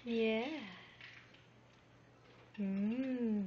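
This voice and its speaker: A woman at home talking to her pet birds in soft, coaxing questions. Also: mid-range voice, animated, drawn-out words, pauses often. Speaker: pet owner. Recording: dull lo-fi home recording with background noise.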